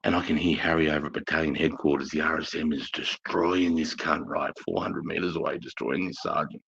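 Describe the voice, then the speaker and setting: Gravelly deep-voiced Australian man. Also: a little fast. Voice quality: coarse, profane, animated storyteller. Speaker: live-stream host telling army stories. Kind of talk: casual storytelling chat. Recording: dull lo-fi stream audio.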